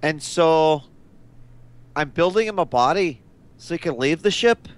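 A man playing a slow, smooth-voiced polite space traveler. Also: on the high side, expressive. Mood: earnest. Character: adult male space traveler building a robot body, polite and earnest. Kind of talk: tabletop role-play in character.

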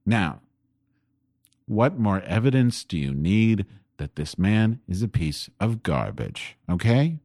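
A man's voice: lowish voice, very animated, takes it slowly, darkish tone, no echo, studio quality. A man hosting a home-recorded podcast, talking in a rambling, profane political rant that grows angry. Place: home desk. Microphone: desk microphone pointed at keyboard.

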